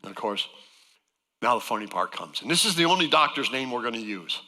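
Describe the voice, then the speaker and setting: A man's voice: mid-range voice, very animated, brisk, sharp tone, big-room sound. A man giving a folksy, joking personal testimony as a guest speaker to a church congregation.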